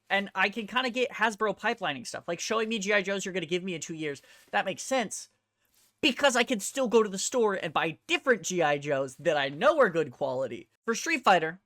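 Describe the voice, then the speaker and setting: A woman on her own vlog, ranting with blunt, profane heat. Her voice sits at a middling pitch for a woman, neither high nor low. The sound is dry and close, with no room echo at all. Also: a bit bright. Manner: emphatic, with rhetorical questions to the viewer. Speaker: host. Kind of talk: ranting toy-collector vlog.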